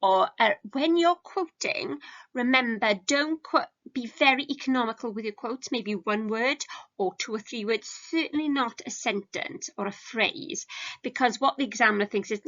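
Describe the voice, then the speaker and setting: Chatty woman teacher with a gravelly edge. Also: a little high, normal speed, pushed and bright, highs cut off. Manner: chatty and self-deprecating, with filler ums. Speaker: English teacher. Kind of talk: recorded lesson for students. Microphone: home recording for a video lesson.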